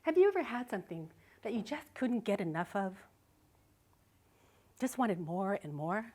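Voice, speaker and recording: Middle-aged woman on a live speaking stage, telling her story, animated and laughing a lot. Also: mid-range voice, moderate pace. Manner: vivid, expressive, with frequent laughs. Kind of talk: personal storytelling talk.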